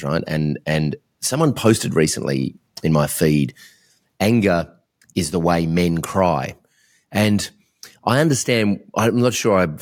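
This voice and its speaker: A man hosting a podcast interview, talking candidly and rambling in a self-reflective way. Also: rumbling low. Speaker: podcast host.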